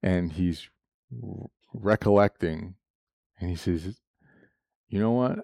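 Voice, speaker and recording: A man's voice: sits low, slow pace, gravelly, pauses often, warm tone, no room sound. A man preaching a sermon, telling a personal story with frequent laughs and moments of emotion.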